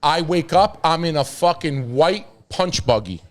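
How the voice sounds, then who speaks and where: A man telling wild stories on a podcast in a loose, profane, animated way. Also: a little high, unhurried. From New York. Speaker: podcast host. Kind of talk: casual storytelling.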